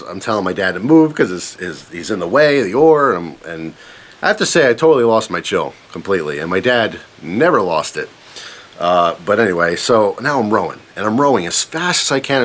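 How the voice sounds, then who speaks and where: Guy telling a funny story about himself, kinda low voice but bouncing all over, lots of ums. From Pennsylvania, USA. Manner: animated, self-mocking, rambling with fillers. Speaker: vlogger telling a personal story. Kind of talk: casual storytelling.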